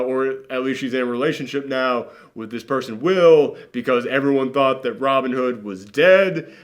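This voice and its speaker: Sarcastic ranting man reviewing a movie. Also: fairly high pitch. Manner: animated, sarcastic ranting with many fillers. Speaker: movie reaction host. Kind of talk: casual movie review chat.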